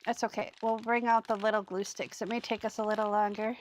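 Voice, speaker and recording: Brisk and level in tone, this medium-pitched woman runs a casual live crafting chat as a craft video host. She rambles chattily and greets viewers while working, with slight background noise behind her.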